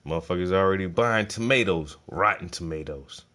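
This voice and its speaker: A man's voice: deep voice, a little fast, sharp tone. A man chatting casually while painting, telling laid-back, profane stories. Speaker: painting vlogger. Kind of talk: casual rambling chat.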